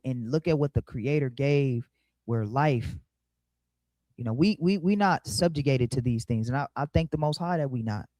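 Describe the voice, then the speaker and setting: A man's voice: darkish tone, no room sound. A man preaching in an emphatic, rhythmic way, drawing lessons from scripture. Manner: emphatic, rhythmic, dips low and slow to stress. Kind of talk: sermon, Bible study commentary.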